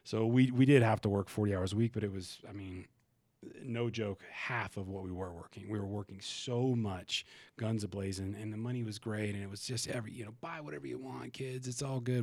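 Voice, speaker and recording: A man with a low voice speaks as a podcast guest, open and emotional, with plenty of swearing and false starts. The sound is dry and close, with no room around it. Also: darkish tone, no room sound. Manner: emotional and frank, swears, frequent restarts and fillers. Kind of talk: candid conversational storytelling.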